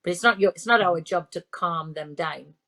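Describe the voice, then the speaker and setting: A woman's voice: fairly low pitch, normal speed, pushed and bright. A woman in her fifties, a parenting expert, speaking in a conversational interview, full of restarts and fillers. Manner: repeats herself, frequent restarts and fillers.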